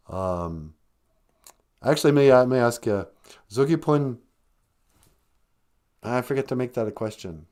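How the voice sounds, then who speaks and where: A man's voice: mid-range voice, lively intonation, unhurried, pauses often, a little mellow. Joking man hosting a live stream. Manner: joking, self-mocking banter. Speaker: podcast host teaching Ojibwe words. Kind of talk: casual live-stream chat.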